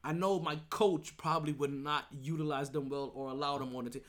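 A man's voice: on the high side, steady tone, brisk, a bit bright. A man hosting a sports podcast solo, talking casually and emphatically, rambling with restarts and asking "right?" often. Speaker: podcast host.

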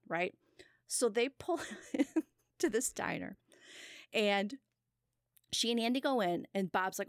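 A woman's voice: medium pitch, brisk, pauses often, dry recording, clean studio sound. A woman in casual conversation, telling a long anecdote and acting out the people in it, laughing often. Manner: animated, acts out quoted voices, laughs often. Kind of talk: casual chat, storytelling.

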